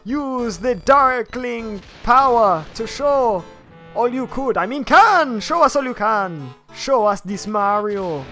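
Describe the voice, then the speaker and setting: Grand spirit medium in a put-on Jamaican accent, voiced by a streamer, higher and louder than his own talk, slow and mystical. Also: expressive, faint music behind. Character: theatrical fortune-teller spirit woman.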